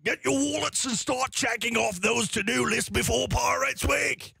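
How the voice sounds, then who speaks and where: A man doing a pirate voice for a radio ad read, loud and drawn out. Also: very high-pitched, moderate pace, vocal fry, breathy edge, dry recording, voice pushed up, full character voice. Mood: boisterous. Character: male pirate announcer.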